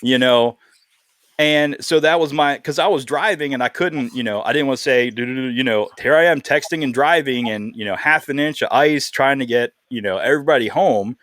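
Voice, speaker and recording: A man's voice: medium pitch, a little fast, fairly bright tone, no room sound, studio quality. A man hosting a podcast, talking in a casual, earnest way and telling a heartfelt story. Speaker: podcast host.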